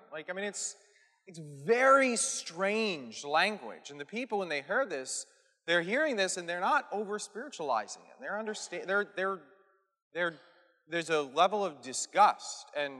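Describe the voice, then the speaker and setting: A man's voice: a little high, sharp tone. A man giving an earnest, emphatic teaching on scripture as a Catholic preacher, often checking in with his listeners. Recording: echoey hall with long reverb.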